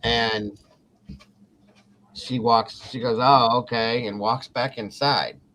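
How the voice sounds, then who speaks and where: Guy from ohio spinning a crazy story, swears a lot, acts out what people said, mid pitch. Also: slow pace. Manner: animated, swears freely, acts out quotes. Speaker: podcast host. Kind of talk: casual storytelling.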